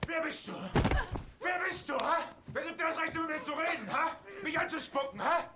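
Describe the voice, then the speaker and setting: A man playing an unhinged male killer in a film, shouting aggressively at a woman. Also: very high-pitched, fairly quick, exaggerated voice. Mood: menacing rage. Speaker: film character.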